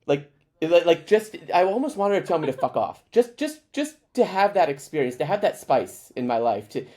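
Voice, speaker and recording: A man chatting as a guest on a podcast, telling stories in an animated way with lots of fillers. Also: on the high side, moderate pace. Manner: animated storyteller, frequent fillers. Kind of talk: casual chat.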